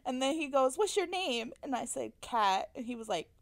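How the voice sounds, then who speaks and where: A woman's voice: sits high, a little fast. A woman co-hosting a casual podcast, telling a story with lots of laughter, acting out quotes and swearing freely. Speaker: podcast co-host. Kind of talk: casual chat.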